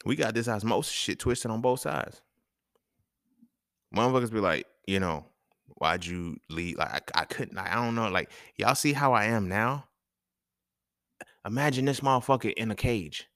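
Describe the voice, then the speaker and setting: A man's voice: medium pitch, animated, moderate pace, vocal fry, pauses often, fairly bright tone, no room sound, studio quality. A man hosting a podcast, talking in a casual, emphatic and profane monologue, chuckling between points. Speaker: podcast host.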